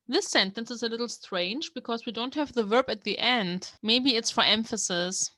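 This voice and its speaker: A woman's voice: fairly high pitch, normal speed, few pauses, bright, forceful tone, no echo, studio quality. A young woman from Germany, giving a casual language lesson and explaining a manga text word by word as she thinks aloud. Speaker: language learner teaching from a manga.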